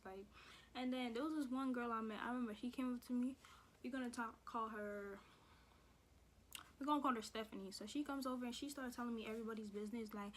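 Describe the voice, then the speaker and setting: A woman's voice: a little high, steady tone, fast, a little hiss or hum. A young woman telling a story from her school days in a sassy, profane, slang-heavy way. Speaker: vlogger. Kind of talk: casual storytime.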